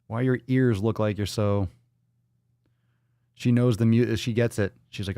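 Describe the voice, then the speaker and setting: A man's voice: on the low side, fairly even intonation, unhurried, long pauses, dark tone, clean tone, no echo, clean studio sound. A man hosting a daily fitness livestream podcast, talking casually with hype, profanity and playful catchphrases. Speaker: podcast host.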